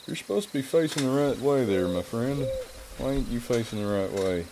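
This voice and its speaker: A man's voice: medium pitch, expressive, a little fast, noisy background, natural voice. A man putting on a drawling American cowboy. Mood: playful. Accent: put-on American Southern.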